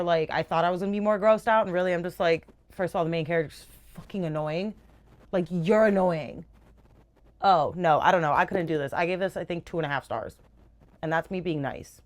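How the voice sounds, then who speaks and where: A young woman chats to camera about her reading in a casual, animated way. She gushes and swears freely, with an easy, chatty delivery. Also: fairly low pitch. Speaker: book reviewer. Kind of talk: casual chat.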